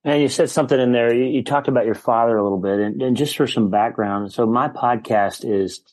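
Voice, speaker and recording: A middle-aged man hosting a podcast, asking questions in a gentle, affirming way. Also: mid-range voice, brisk, poor audio. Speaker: podcast host. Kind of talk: interview conversation.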